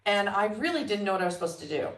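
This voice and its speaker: A woman guest telling stories in a relaxed interview, acting out what others said, often with a laugh. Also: medium pitch, very fast. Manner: animated storyteller, quotes others with laughs. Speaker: guest entrepreneur. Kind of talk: conversational storytelling. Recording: roomy sound, mic at a distance.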